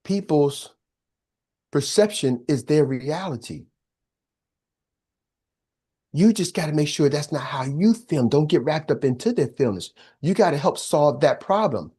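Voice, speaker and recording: A man's voice: a little high, lively intonation, unhurried, long pauses, mellow, breathy edge. An older man giving a motivational business coaching talk, emphatic and preacher-like, often checking in with his listeners.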